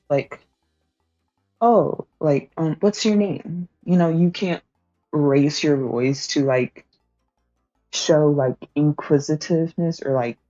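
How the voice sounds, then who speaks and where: Low-pitched and warm, this woman's voice is recorded dry on a slightly dull home stream mic, with faint music behind. As a streamer, she casually teaches language points to her chat, chattering along with plenty of fillers, laughter and cursing.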